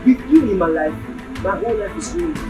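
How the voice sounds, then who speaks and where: A cold, scornful husband. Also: male voice, sits high, lively intonation, a little fast, over music. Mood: contemptuous. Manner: harsh, dismissive, raised voice. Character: cold husband walking out on his wife. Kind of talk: film drama acting. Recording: echoey room, voice from a distance.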